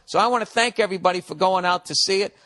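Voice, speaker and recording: A man's voice: high voice, very fast, bright, forceful tone. A middle-aged man ranting on a comedy podcast, profane and sarcastic as he reads and answers a listener's letter. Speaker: podcast host.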